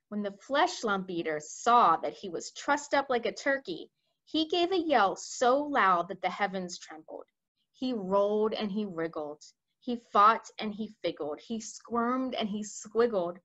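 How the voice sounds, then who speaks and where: A woman reading a children's book aloud for a library, telling the story in a lively way with asides to listeners. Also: mid-range voice, unhurried. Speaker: library read-aloud reader. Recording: dull lo-fi recording.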